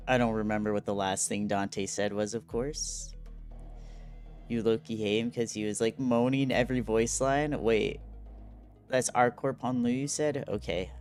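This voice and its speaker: Chatty male game streamer. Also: medium pitch. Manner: chatty, reads chat and game text aloud, laughs often. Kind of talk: casual live-stream commentary.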